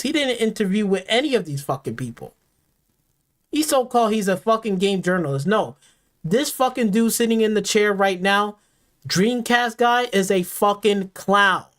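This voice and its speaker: A man's voice: high voice, fairly bright tone. A man hosting a gaming stream, delivering an angry, profanity-heavy reaction rant full of repetition. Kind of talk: ranting reaction commentary.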